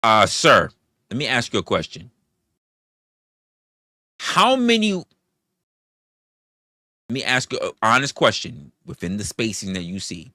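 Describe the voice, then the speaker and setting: Animated, profane livestream host ranting. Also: male voice, on the low side, a little slow, long pauses, no echo, studio quality. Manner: profane, argumentative, fires rhetorical questions; reads out and thanks viewer donations. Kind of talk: live-stream commentary and rant.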